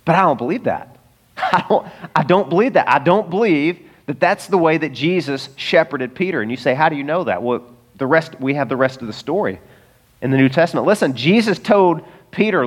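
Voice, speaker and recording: A man's voice: fairly high pitch, animated, a little fast. A pastor preaching a sermon to his church in an earnest, conversational way, often turning to speak to the congregation directly.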